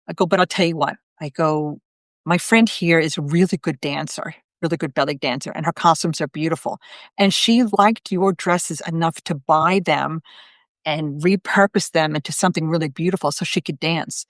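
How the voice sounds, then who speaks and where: A woman's voice: deep voice, no room sound, studio quality. A middle-aged woman, a psychic medium hosting a live video, telling a story in a chatty way with many fillers and quoted voices. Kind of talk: casual storytelling on a live stream.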